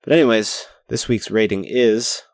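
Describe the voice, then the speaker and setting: Talking at normal speed in a low voice, a young podcast host rambles through his casual spoken-journal episode, self-deprecating and casually profane. His headset mic with pop filter yields studio-quality sound with no echo.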